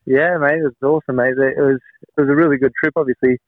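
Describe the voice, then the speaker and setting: Aussie bloke, 30s, rambling guest, dry phone sound. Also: male voice, mid-range voice, steady tone, quick pace, no echo. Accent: Australian. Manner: laid-back, rambling. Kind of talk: casual chat. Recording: tinny phone line.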